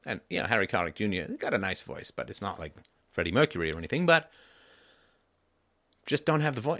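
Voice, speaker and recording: A man in his fifties hosting a solo livestream, talking in a lively way and jumping up in pitch for emphasis and mock voices. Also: fast talker, pauses often, no room sound, studio quality. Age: 50s. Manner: rhetorical repeats, asks "right?". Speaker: livestream host. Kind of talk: solo political commentary.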